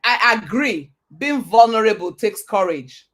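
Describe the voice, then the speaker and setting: A woman's voice: medium pitch, lively intonation, measured pace. A woman giving a motivational talk. She speaks emphatically, repeats her points, asks rhetorical questions and sometimes quotes scripture like a preacher.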